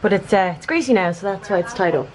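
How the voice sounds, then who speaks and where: A woman's voice: mid-range voice, fast talker, poor audio. Chatty young Irish woman vlogging. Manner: chatty, rambling, lots of fillers and laughs. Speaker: travel vlogger. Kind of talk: casual vlog chat. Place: outdoors on walks and indoors in a hotel.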